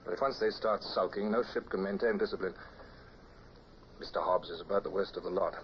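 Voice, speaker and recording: Man acting as a British naval lieutenant, low clipped voice, firm but fair, old radio play, dull hissy sound. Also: fairly even intonation, brisk, close to an everyday voice. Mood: confiding. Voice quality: clipped, well-spoken officer's delivery. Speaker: narrator and lead role. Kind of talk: 1950s radio drama acting.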